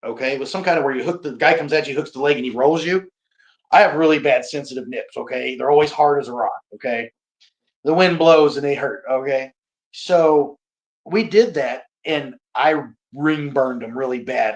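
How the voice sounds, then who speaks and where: A pro wrestler appearing as an interview guest chats casually in a medium-pitched, brisk voice. He's animated and pokes fun at himself, laughing a lot and often repeating or restarting his sentences.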